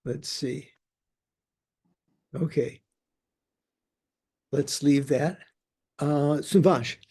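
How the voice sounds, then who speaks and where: An older man, a Buddhist teacher, discussing a philosophical text with a student in a halting way, often repeating words while he thinks. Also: a little high, mellow, husky.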